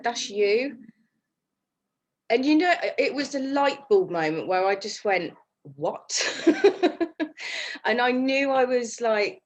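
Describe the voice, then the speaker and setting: A woman's voice: lowish voice, poor audio. A woman in her thirties giving a personal testimonial in a chatty manner, laughing often and emotional at times. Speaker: team member sharing her story.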